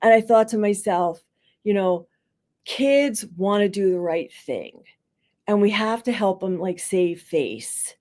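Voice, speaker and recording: A woman's voice: mid-range voice, slow pace. A woman, a school psychologist, talking on a podcast and telling a story, acting out the people in it and filling her talk with "like" and "you know". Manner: animated storyteller who acts out quotes with a rising voice; conversational, many fillers like "like" and "you know". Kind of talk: podcast interview, teaching by story.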